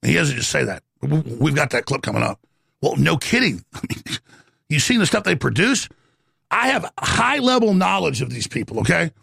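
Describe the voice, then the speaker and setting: A man's voice: fairly high pitch, very animated, moderate pace, sharp tone, no echo, studio quality. A man hosting a talk radio show, delivering a rambling, heated monologue that jumps between topics. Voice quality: gravelly, raspy.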